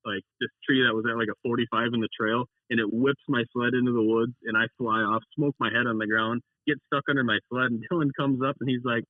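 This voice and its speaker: Talking quickly at a medium pitch with fairly even intonation and hardly any pauses, a young man rambles on a casual call about a race, quoting himself and his teammate in character. The sound comes through a dry, tinny phone line without echo.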